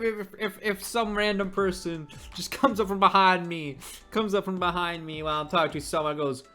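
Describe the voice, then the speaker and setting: A webtoon reader giving casual, excitable commentary, laughing often and stammering repeats. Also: mid-range voice, normal speed. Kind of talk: casual commentary over a comic. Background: faint background music.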